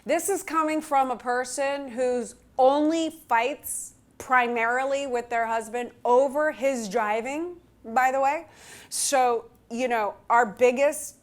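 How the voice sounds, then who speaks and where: Woman, fairly high voice, relationship speaker, personal storytelling, candid, self-mocking, animated.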